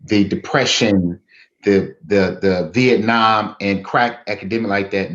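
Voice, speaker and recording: A man speaking casually and directly in a panel conversation, in quick bursts. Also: lowish voice. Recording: dull recording.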